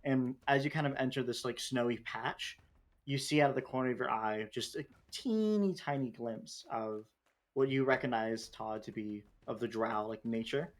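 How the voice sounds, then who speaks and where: A man's voice: medium pitch, moderate pace. Rambling man running a game. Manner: loose, rambling with many fillers and restarts. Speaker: game master. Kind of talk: running a tabletop game session.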